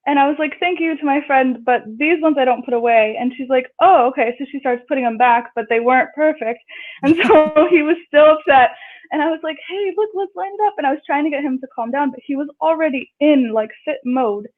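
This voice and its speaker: High pitched woman guest rambling through a story on a phone call, sounds tinny, does little voices for people. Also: fairly quick. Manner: chatty, acts out quotes in raised voices. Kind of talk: casual storytelling. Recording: tinny phone-line audio.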